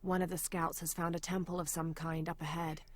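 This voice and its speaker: An actress voicing a female adventurer in a video game, reading old journal entries aloud in a measured, serious way. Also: low voice, flat delivery. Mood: grim.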